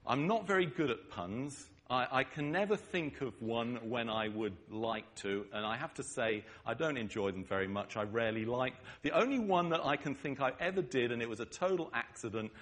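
Emphatic preacher with an English accent. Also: male voice, mid-range voice, expressive, normal speed, few pauses, a bit bright. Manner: emphatic, checks in with listeners with repeated "okay?". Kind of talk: sermon.

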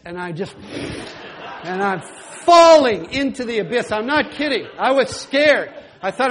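Animated high-voiced man preaching a story. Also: moderate pace, slight background noise. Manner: animated, laughing storyteller who breaks into song. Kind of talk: sermon storytelling.

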